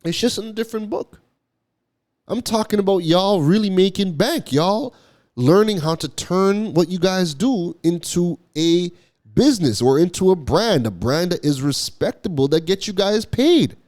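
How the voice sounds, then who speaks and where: He's a man from Toronto, Canada, with the local accent and a high, expressive, slightly mellow voice at a measured pace. As a marketing content creator, he talks emphatically to the camera, repeats his points, and frequently asks "right?"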